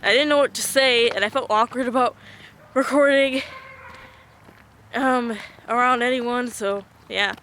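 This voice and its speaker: A woman's voice: a little high, steady tone, a little slow, long pauses, fairly bright tone, a little hiss or hum. A young woman vlogging on a walk outdoors, chatting casually and rambling in a self-deprecating way. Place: outdoors, urban area.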